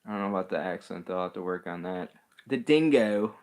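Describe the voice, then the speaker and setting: A man's voice: sits low, lively intonation, brisk, a little mellow. A man hosting a livestream, chatting casually and rambling with chuckles and self-deprecating asides. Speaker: livestream host. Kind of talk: casual chat reading live comments.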